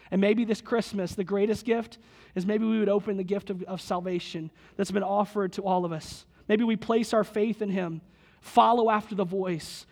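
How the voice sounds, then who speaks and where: A man preaching a lively sermon in a church, slightly husky today, retelling a movie scene with quoted voices before leading a prayer. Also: high voice. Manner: lively storytelling, quotes characters, prays aloud. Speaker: pastor.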